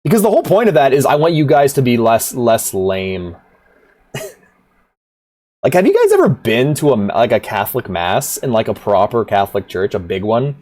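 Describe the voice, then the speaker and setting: A man's voice: mid-range voice, huge pitch swings, moderate pace, darkish tone. A man streaming a rhythm game, chatting casually in a rambling, profane way, laughing often. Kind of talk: casual livestream chat.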